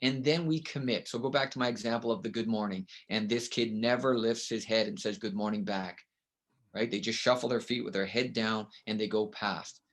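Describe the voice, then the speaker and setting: A man's voice: on the low side, fairly even intonation, normal speed, fairly bright tone. A man speaking as an interview guest, explaining with emphatic, coaching rhetorical questions. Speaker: guest educator. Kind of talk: conversational interview.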